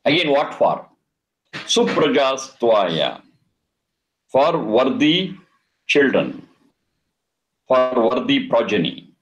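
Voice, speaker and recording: Slow, deliberate man. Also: medium pitch, expressive, poor audio. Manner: slow and deliberate, repeating and chanting Sanskrit terms. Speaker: Vedic teacher. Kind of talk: scripture lesson explaining Sanskrit words.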